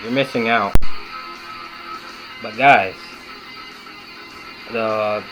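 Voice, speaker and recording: A man's voice: on the low side, normal speed, music in the background, low-quality recording. Enthusiastic young man reviewing a cartoon. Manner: enthusiastic, rambling with fillers. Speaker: video reviewer. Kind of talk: casual video-essay commentary.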